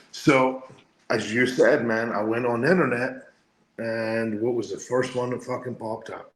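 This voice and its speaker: A man's voice: mid-range voice, unhurried, roomy sound, a little hiss or hum, poor audio. A Scottish man, a former wrestler, telling a story as a guest, swearing often and laughing through it. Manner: profane, laughing anecdotes. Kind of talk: casual storytelling.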